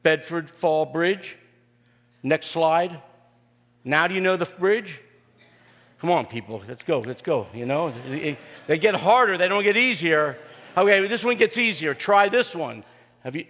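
An older man, a pastor, preaching a sermon and telling family stories in a folksy, joking way, often pausing on "uh". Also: fairly high pitch, lively intonation, fairly bright tone. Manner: folksy and joking, with frequent "uh" fillers. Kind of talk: sermon with personal storytelling. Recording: long reverb of a large hall.

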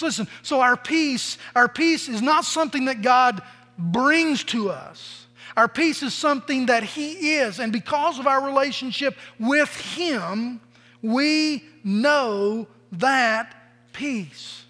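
A man's voice: very high-pitched, animated, slow, pushed and bright. A middle-aged man preaching a sermon as a pastor, telling stories in a conversational way and acting out the quoted voices. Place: church sanctuary. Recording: long reverb of a large hall.

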